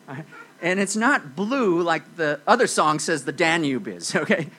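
A man delivers a sermon to a congregation, retelling a Bible story with an animated, swooping delivery. His voice is bright and a little husky. A low electrical hum sits under the recording. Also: measured pace, low-quality recording. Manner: animated storytelling with frequent "okay?" and "you know". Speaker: preacher.

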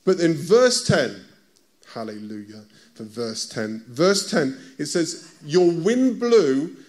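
A man's voice: mid-range voice, big pitch swings, slow. A man with a British accent preaching a conversational sermon, often stopping to ask his listeners direct questions. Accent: British English.

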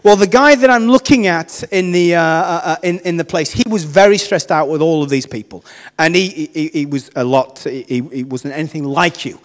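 A man, a vicar, telling a self-mocking, animated personal story in a sermon. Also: on the high side, moderate pace, long reverb tail.

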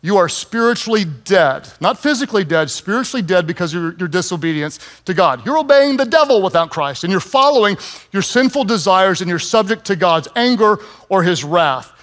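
Man in his 50s, pastor, high voice, animated storytelling sermon, self-mocking humor. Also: brisk.

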